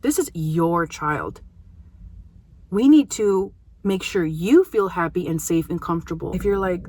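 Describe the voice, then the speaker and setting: A woman in her thirties, a behavior analyst, talking casually and earnestly to parents, with emphatic pauses. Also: lowish voice, animated, a little hiss or hum. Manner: earnest, warm-hearted advocacy with emphatic pauses. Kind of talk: casual educational talk to parents.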